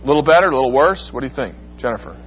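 A man's voice: expressive, rapid-fire, soft background music. A man teaching a Bible class, asking the class questions and acting out the quoted lines in a dramatic voice. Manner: questions the class and acts out quotes with rising pitch. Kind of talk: interactive Bible class lecture. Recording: dull lo-fi recording with faint hum.

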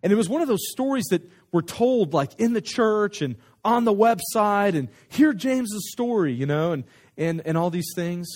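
A man telling a story in a sermon as a pastor, animated and conversational, often restarting his sentences. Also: sits high, moderate pace.

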